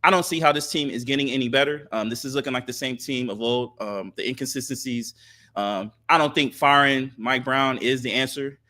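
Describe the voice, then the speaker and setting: A man co-hosting a podcast, giving thoughtful casual sports talk with many filler pauses. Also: medium pitch, steady tone, sharp tone. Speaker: podcast co-host.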